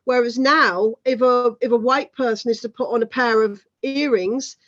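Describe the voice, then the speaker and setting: A talkative woman in her thirties speaks as an interview guest. She talks in a fairly high voice and fills her points with "you know" asides. Her sound comes through dull and lo-fi, like an online call. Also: fairly even intonation, moderate pace, fairly bright tone. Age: 30s. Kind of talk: casual conversation.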